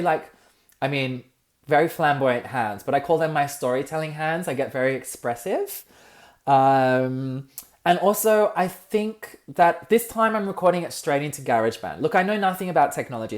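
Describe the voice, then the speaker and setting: A young Australian man hosting a solo comedic podcast, campy and expressive, ranting and swearing freely. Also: a little high, moderate pace. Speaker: podcast host.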